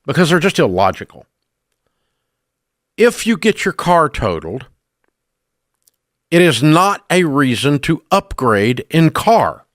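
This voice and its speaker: An older man with a Southern American twang lectures his radio audience, blunt and scolding. His pitch swings widely as he hammers each point. The studio sound is dry and close. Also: very animated, takes it slowly, long pauses, a bit bright, dry recording. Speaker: radio show host. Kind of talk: call-in radio talk.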